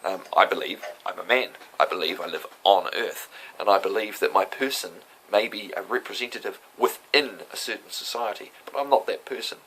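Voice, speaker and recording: A man's voice: lowish voice, fairly quick, hardly any pauses, a bit bright, slight background noise, rough recording. A man talking casually and defiantly about his day in court, lecturing and emphatic. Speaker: self-represented defendant recounting a court hearing. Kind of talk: casual spoken monologue.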